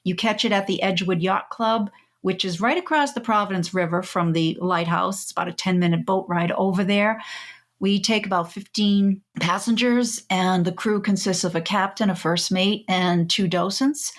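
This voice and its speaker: A woman's voice: medium pitch, fairly even intonation, normal speed. A woman co-hosting a podcast, friendly and practical, explaining things plainly. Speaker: podcast co-host. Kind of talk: casual podcast chat.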